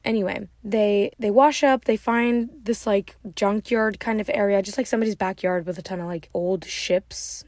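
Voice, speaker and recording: A woman's voice: mid-range voice, fairly even intonation, moderate pace, hardly any pauses, a little mellow, no room sound. A woman giving a casual, rambling movie recap, giggling often and filling her speech with "like". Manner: rambling, giggly, heavy use of "like". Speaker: vlogger.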